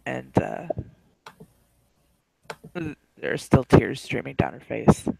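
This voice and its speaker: A man calmly narrating his character's actions in a spoken role-play. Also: medium pitch, normal speed, gravelly, no echo, poor audio.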